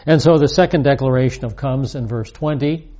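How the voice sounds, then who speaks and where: A man giving a recorded Bible lesson, reading verses aloud with emphasis and explaining them in a measured teaching manner. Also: medium pitch, warm tone, highs cut off.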